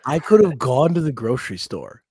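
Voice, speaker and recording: A man with a slightly husky, breathy voice at a middling pitch, chatting on a comedy podcast. He tells stories with lots of energy and jumps into loud impressions of other people. The sound is dry and close to the mic. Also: fairly quick, dry recording. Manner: animated storytelling, acts out quotes in raised voices. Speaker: podcast co-host. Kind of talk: casual comedy podcast chat.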